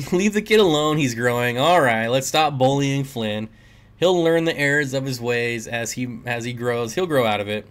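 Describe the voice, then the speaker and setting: A man with a medium-pitched voice hosts a casual livestream at a moderate pace, reading chat comments aloud and joking with viewers, often laughing. He's using a desk mic.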